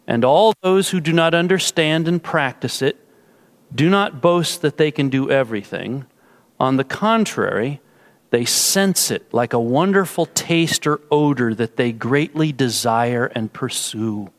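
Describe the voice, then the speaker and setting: A male pastor giving a sermon and closing in prayer, with slow, measured phrasing and drawn-out emphasis. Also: medium pitch, expressive.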